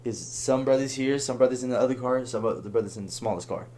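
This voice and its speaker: A young man telling a long story on a podcast in a casual, animated way, laughing and acting out the voices of the people in it. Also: mid-range voice, fast, a little hiss or hum. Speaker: podcast guest.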